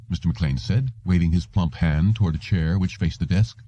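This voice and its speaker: A man reading a story aloud as an audiobook narrator, expressive and scripted. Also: deep voice, moderate pace, hardly any pauses, no room sound. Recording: dull, dry lo-fi audiobook recording.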